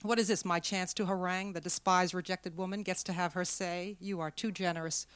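A woman's voice: fairly low pitch, steady tone, fairly quick, smooth, dry recording, close to an everyday voice. A woman reading aloud, voicing a scornful wife who speaks sardonically. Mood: sardonic. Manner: sardonic, cutting. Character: sharp-tongued, scornful wife Janice.

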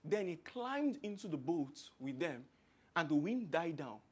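A man with a Nigerian accent preaching a sermon, swinging from hushed, quiet passages to loud, emphatic outbursts. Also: fairly high pitch, sing-song, measured pace, slightly rough, highs cut off.

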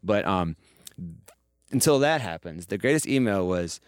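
Low-voiced guy rattling off a story quick, dry close mic. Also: clear, resonant tone, dry recording. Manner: animated, profane, mimics voices in quotes. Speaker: podcast guest. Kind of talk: casual storytelling.

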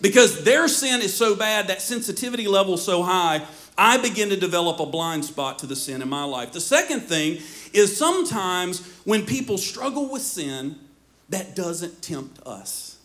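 Bright-voiced, animated male pastor. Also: high voice, normal speed. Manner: animated storytelling, often laughing mid-sentence. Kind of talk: sermon with a personal story. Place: church.

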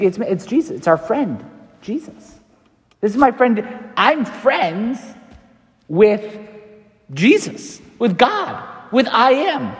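Chatty priest in a reverberant hall. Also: male voice, on the high side. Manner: conversational, repeats phrases, many fillers like "like" and "right". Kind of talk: preached meditation.

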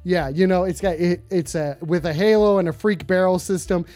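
A live-stream host in their thirties taking phone calls, talking in a loud, profane, casual way and often bursting into shouts. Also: mid-range voice, moderate pace, no echo, faint music behind. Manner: excitable, swears constantly, bursts into shouting.

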